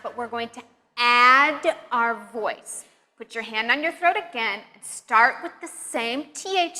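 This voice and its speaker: Pronunciation teacher, woman, slow and exaggerated drills, long reverb as if in a hall. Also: fairly high pitch, sharp tone. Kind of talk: pronunciation lesson.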